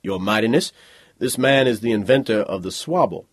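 A respectful bodyguard speaks in a coaxing, deferential way, as a man acts him out. The tone is husky with a lively pitch. The sound is dry and close. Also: moderate pace, dry recording.

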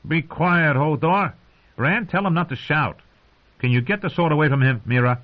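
A man voicing a grim, solemn teenage boy who speaks in a measured way. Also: mid-range voice, pitched above the performer's own voice, close to an everyday voice. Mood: grim urgent. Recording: dull lo-fi audio.

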